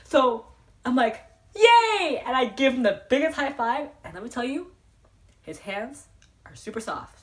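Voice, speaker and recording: A young woman telling an excited storytime vlog, rambling and giggly, with lots of fillers and restarts. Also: on the high side, normal speed. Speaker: vlogger.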